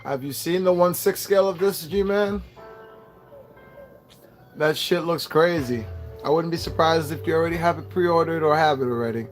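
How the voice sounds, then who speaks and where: A man's voice: a little high, normal speed. A man hosting a casual live unboxing, rambling and swearing as he chats with his viewers. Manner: rambling, profane, chatty with viewers. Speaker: host. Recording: clear background music. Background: music.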